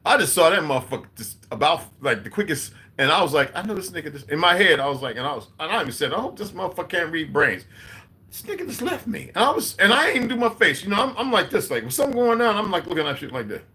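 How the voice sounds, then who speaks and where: A man's voice: on the high side, big pitch swings, racing, hardly any pauses, bright, forceful tone. A man in his forties giving a rambling, profane, preachy monologue. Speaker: video host.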